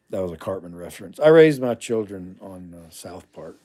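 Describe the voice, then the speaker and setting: A man's voice: fairly low pitch, lively intonation, normal speed, few pauses, mellow. A middle-aged man hosting a casual livestream, reading viewer comments aloud and answering them bluntly, with asides muttered under his breath.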